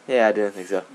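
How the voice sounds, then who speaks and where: A man's voice: lowish voice, darkish tone. A young man giving casual, rambling gameplay commentary, giggling often and tossing in sarcastic asides. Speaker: let's play gamer.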